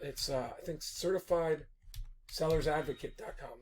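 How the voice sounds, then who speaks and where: A man talking casually and off the cuff as an attorney and broker, animated and rambling, often stopping short and restarting. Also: on the high side, unhurried, slight background noise. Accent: Californian English. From California. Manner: animated, rambling, self-interrupting. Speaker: attorney and real estate broker. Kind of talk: casual off-the-cuff video talk.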